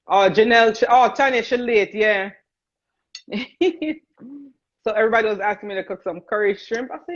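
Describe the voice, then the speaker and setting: Cooking on a livestream, this Jamaican host chats casually, laughs, and calls out viewers by name. Her voice sits a little high, and she speaks at a normal speed with frequent pauses, over dull, lo-fi stream audio.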